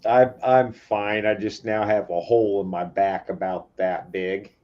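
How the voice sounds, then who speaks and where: A man's voice: lowish voice, level tone, unhurried, dull audio. A man calling in to a stream over a video call, talking matter-of-factly and swearing casually. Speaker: call-in guest. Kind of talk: casual chat.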